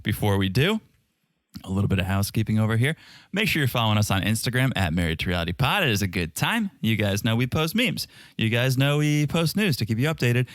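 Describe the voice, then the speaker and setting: A man co-hosting a casual podcast, his voice swinging lively up and down as he jokes and banters. The sound is dry and close, with no room around it. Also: mid-range voice, quick pace, no room sound. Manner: joking, playful banter. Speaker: podcast co-host.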